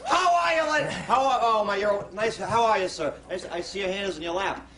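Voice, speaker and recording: A man doing a rapid-fire club comic routine, brash and loud, punching each joke with a shouted catchphrase in cheesy old-school showman patter. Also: high voice, crowd noise. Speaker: stand-up comedian guest. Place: TV studio stage before a live audience.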